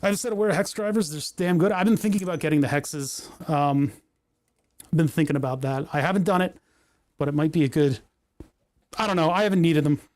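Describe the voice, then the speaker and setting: A man chats casually on a livestream, thinking aloud in a rambling, self-deprecating way. His voice sits a bit high for a man, and the sound is close and dry. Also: a little fast, darkish tone, no echo. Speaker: livestream host. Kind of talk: casual livestream chat while repairing.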